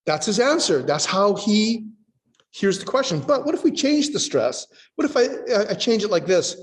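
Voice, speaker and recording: Guy preaching a sermon, lively up-and-down voice, reads passages and acts out voices, long hall echo. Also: high-pitched, normal speed. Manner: teaching tone, quotes scripture and acts out voices.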